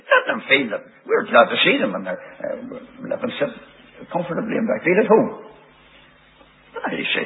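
Gravelly Northern Irish preacher, tinny tape. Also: male voice, high voice, huge pitch swings, moderate pace. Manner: folksy storytelling, repeats and restarts words. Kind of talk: gospel hall sermon.

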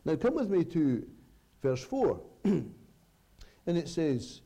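A man preaching a sermon to his congregation, earnest, with dramatic pauses and sudden swells and drops in volume. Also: on the high side, very animated, dark tone.

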